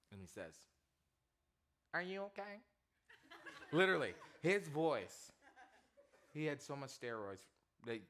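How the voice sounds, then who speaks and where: A man preaching to students as their youth pastor, telling a comic story in an animated way and quizzing the audience. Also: mid-range voice.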